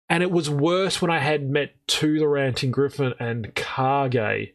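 A man's voice: medium pitch, unhurried, few pauses. A man telling a story on a podcast, swearing freely and acting out what people said. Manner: swearing, animated, acts out quoted voices. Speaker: podcast co-host. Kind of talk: casual storytelling chat.

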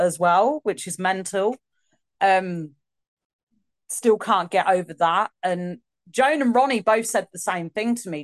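A young woman singer, telling stories in a casual interview, chatty and excitable with acted asides. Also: mid-range voice, no echo. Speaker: singer and guest.

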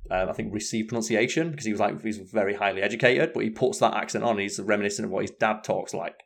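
Sweary chatty man, low voice. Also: fast talker, gravelly. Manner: chatty, sweary, animated storytelling. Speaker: podcast co-host. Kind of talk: casual chat.

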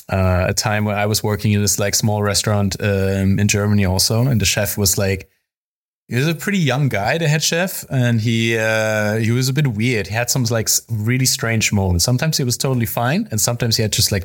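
Low-voiced man telling a kitchen story. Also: moderate pace. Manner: laughing often, swearing casually. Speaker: podcast co-host, chef. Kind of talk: casual storytelling chat.

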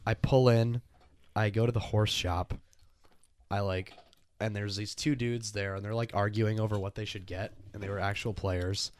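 A man's voice: on the low side, steady tone, normal speed, slight background noise. A man co-hosting a casual podcast, telling rambling stories and laughing often. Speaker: podcast co-host. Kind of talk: casual chat.

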